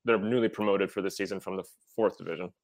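A man co-hosting a soccer podcast, talking in a halting, relaxed way with many fillers. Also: low-pitched, no echo. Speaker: podcast co-host. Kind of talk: casual podcast chat.

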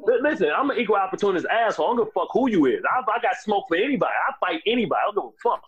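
A brash American man in his forties tells rowdy, profane stories at a rapid clip. His voice sits a bit high and comes across husky. The audio is slightly muffled and lo-fi. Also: sing-song, no echo. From USA. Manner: brash, profane, repeats filler phrases. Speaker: guest, former athlete. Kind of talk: animated storytelling.

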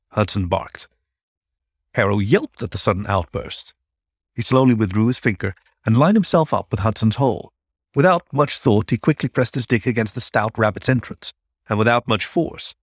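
Calm man reading a story, dry sound. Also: mid-range voice, no echo. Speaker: narrator. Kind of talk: scripted story narration.

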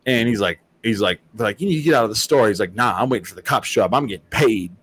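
A man hosting a casual chat. He tells stories in a lively, profane way and acts out what people said. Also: lowish voice, racing, a little hiss or hum. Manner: animated, profane storytelling with acted-out quotes. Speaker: host.

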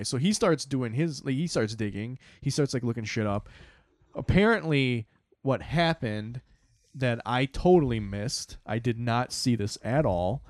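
A man's voice: medium pitch, lively intonation, moderate pace, no echo. A young man, a podcast host, tells a story in casual chat, swearing often and acting out his own reactions.

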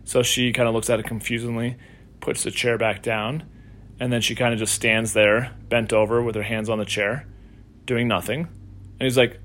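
A man hosting a casual solo podcast as a coach, telling a story in a relaxed, conversational way. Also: medium pitch, normal speed. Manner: conversational storytelling, acts out quoted voices.

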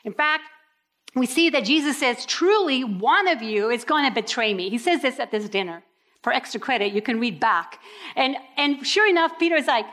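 A woman preaching a sermon in an animated way, acting out people's reactions with sudden leaps in her voice. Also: high-pitched, moderate pace.

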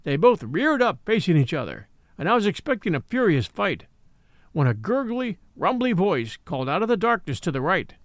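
A man narrating a classic animal story as an audiobook, with expressive storytelling. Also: high-pitched, moderate pace, no echo, clean studio sound.

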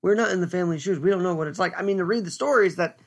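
Man, fairly high pitch, gravelly voice, stern, deliberate solo commentary. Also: a little hiss or hum. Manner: earnest, stern, deliberate with pauses. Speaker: podcast host.

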